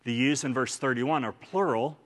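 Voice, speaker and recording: A man's voice: mid-range voice, moderate pace, fairly bright tone. A man with an Oklahoman accent preaching a sermon in church, earnest and emphatic, often repeating phrases for stress. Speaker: pastor.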